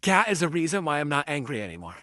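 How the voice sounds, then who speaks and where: A man giving an emotional speech, halting and stumbling over his words. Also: a little high, sing-song, bright, forceful tone, no echo, clean studio sound.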